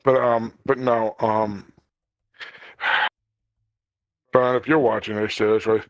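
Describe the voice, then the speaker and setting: A man talking as a guest on a casual podcast, rambling and stumbling over repeated words. His voice sits at a middle pitch. His audio comes through dull and dry, like a cheaper remote mic. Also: no echo. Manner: stammers and restarts, rambling, laughs often.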